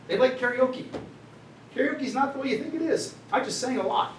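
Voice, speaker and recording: A middle-aged man giving an animated storytelling talk to students in a lecture room, with frequent "right?" asides. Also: very high-pitched, moderate pace. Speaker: guest speaker. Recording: roomy, distant mic, faint noise.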